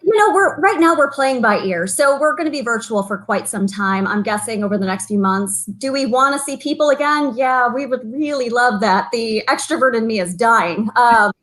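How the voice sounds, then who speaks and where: A woman's voice: a little high, a bit bright. A woman chamber of commerce president as a guest, chatting upbeat and talkative over a video call. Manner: upbeat, talkative, quick to laugh. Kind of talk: casual interview chat.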